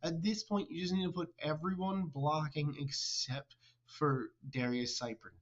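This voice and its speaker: A man's voice: on the high side, steady tone, a little slow, lo-fi sound. A man commenting on a football video game and interviewing coaches in a chatty, teasing way. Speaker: host and commentator.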